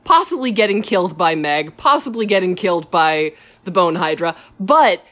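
A woman's voice: fairly low pitch, animated, moderate pace, a bit bright. A woman telling a story in a casual, rambling way, with many fillers and self-corrections.

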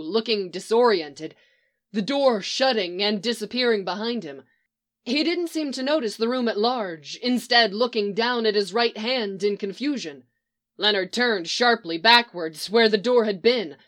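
A woman narrating a piece of fiction in a steady storytelling read. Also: a little high, unhurried. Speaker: reader.

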